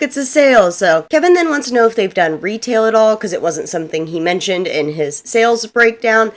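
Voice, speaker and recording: A woman hosting a casual recap video, chatty and lively, laughing often as she talks. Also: medium pitch.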